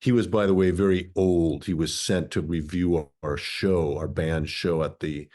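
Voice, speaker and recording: A man around sixty from Minnesota, guest in an interview. He recounts his life story in a thoughtful, philosophical way, with a notably deep, low voice. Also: fairly even intonation, a little slow, dark tone. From Minnesota, USA.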